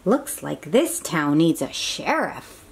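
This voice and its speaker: A woman's voice: low voice, very animated, slow pace, gravelly, breathy edge, pitched below the performer's own voice, heavily acted. A woman reading as a cheerful cowboy toy sheriff. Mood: musing. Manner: bold, drawling cowboy calls.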